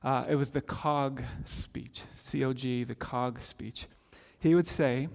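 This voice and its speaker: A man's voice: mid-range voice, steady tone, takes it slowly, vocal fry, hardly any pauses, a little mellow, long reverb tail. A man in his forties preaching a sermon in a conversational, storytelling manner, often restarting his sentences. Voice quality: conversational, self-interrupting storyteller. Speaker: pastor.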